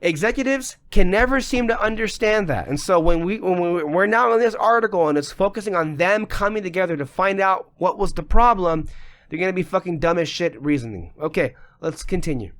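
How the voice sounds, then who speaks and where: Male podcast co-host, fairly high-pitched, emphatic and profane, voice slightly worn. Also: expressive, fairly quick, a bit bright. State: losing his voice. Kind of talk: casual podcast discussion.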